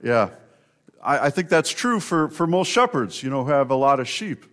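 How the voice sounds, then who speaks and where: Man, pastor, sermon, conversational storytelling, medium pitch. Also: very animated, normal speed, fairly bright tone. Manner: conversational storytelling, addresses congregation directly.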